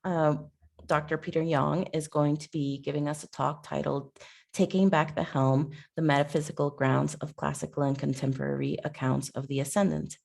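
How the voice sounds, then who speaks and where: A woman with a low voice introduces a guest speaker over a video call. Her voice has a gravelly fry, and she stumbles over her words now and then as she reads. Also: flat delivery, normal speed, a little mellow.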